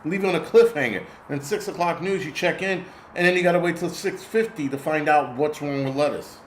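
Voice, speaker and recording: A middle-aged man with a fairly high voice talks fairly quickly over slight background noise. Hosting a casual livestream, he rants bluntly and rambles, swearing a lot while reading viewer comments.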